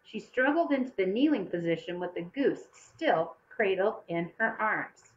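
A woman's voice: a little slow, lo-fi sound. A woman reading a children's story aloud, changing her voice to act out the young characters. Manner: expressive, shifts pitch to act out children's voices. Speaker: audiobook reader. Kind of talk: storybook narration.

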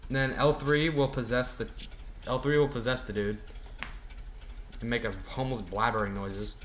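A man's voice: mid-range voice, steady tone, moderate pace, a little hiss or hum. A man hosting a casual gaming voice chat, exasperated as he directs the others through a scene. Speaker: channel host directing a game video.

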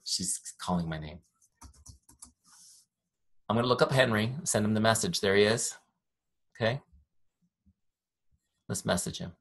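Young male trainer, husky tone, upbeat, chatty, jokey, demoing software from a home-office mic. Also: lowish voice, a little slow, pauses often. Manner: upbeat, chatty, self-deprecating jokes. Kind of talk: live online training with screen demo. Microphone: desk microphone.

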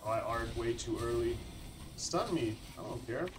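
A man from Colorado, United States, hosts his own channel, giving laid-back commentary over his gameplay and calling people "dude" and "bro." His mid-range voice is animated at a moderate pace, with a little hiss or hum in the recording.

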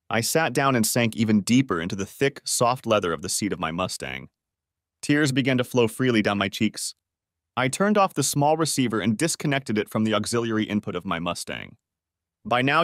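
A man's voice: mid-range voice, a bit bright, dry recording, clean studio sound. A man narrating a first-person story of betrayal in a dramatic, wounded manner.

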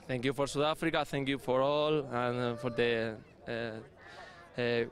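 Spanish-accented male team member, halting English, outdoors. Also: mid-range voice, little pitch movement. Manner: hesitant, searching for words, laughing. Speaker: interviewed football team member.

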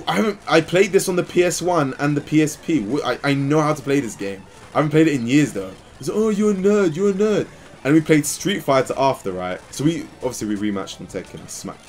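A young man telling a rambling, animated story while playing a video game. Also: medium pitch. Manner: rambling and animated, quick bursts of excitement. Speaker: gaming channel host. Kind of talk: casual let's play storytelling.

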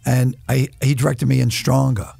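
A man in his sixties with a Boston accent, a comedian telling profane, animated stories in a casual interview. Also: mid-range voice, normal speed, creaky, husky. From Boston area. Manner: profane, animated anecdote-teller who acts out quotes. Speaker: guest comedian.

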